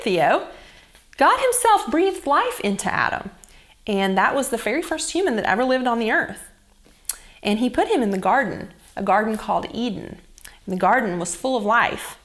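A young woman reading a Bible story to children as a children's church teacher, in a gentle and expressive storytelling manner. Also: fairly high pitch, normal speed.

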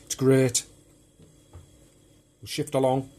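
A man's voice: mid-range voice, monotone, takes it slowly, dark tone. A man casually showing off his film collection on video, chatty and rambling as he talks. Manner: rambling and chatty, loose and unpolished. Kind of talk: casual show-and-tell of home video collection.

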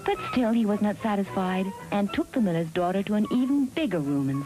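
A woman narrating a fairy tale in a measured, expressive storybook style. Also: mid-range voice, music in the background, low-quality recording.

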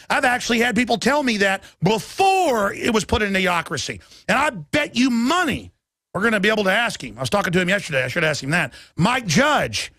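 A gravelly-voiced man rants through a political talk radio monologue, his voice pitched a little high and pressing forward with a tense, sharp edge. He hammers his points with emphasis and breaks into sudden loud bursts. The sound is close and dry, with no room around it. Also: big pitch swings, fairly quick, no echo. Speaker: radio and web show host.

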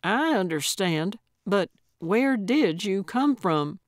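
A feisty old lady sleuth, as a woman narrator puts her on, blunt and sarcastic with a sharp tongue. She speaks slowly and deliberately in a dry, close recording. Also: mid-range voice, animated, no echo. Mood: eager.

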